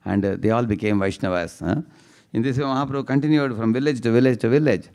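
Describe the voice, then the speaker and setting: A man giving a devotional storytelling lecture, chanting verses slowly and often asking the audience "huh?". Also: mid-range voice, darkish tone. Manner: chants verses in a slow singsong; tags lines with questioning "huh?" to the audience. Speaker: speaker giving a devotional class.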